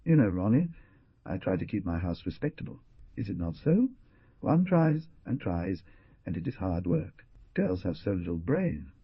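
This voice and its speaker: A man's voice: low voice, very animated, moderate pace, slightly rough, dry recording, lo-fi sound, exaggerated voice. A man voicing a stout, elderly, foreign-born hostess who fusses and scolds in formal phrasing, with a foreign accent. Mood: fussing.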